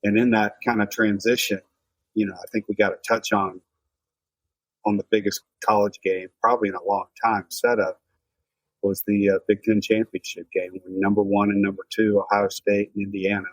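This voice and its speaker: Husky low-voiced man talking sports. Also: flat delivery, normal speed, no echo, poor audio. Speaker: podcast host. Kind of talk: casual sports chat.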